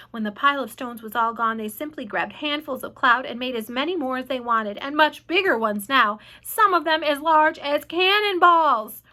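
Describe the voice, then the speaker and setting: Female storyteller, high voice, expressive read-aloud. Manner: animated, expressive. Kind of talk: reading a children's book aloud.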